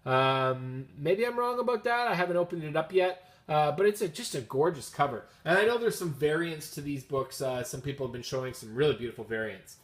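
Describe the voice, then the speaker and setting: Chatty Canadian man, a bit high-voiced. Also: animated, fairly quick, hardly any pauses. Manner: chatty and upbeat, rambling asides. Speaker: comics vlogger showing his haul. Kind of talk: casual chat. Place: at home.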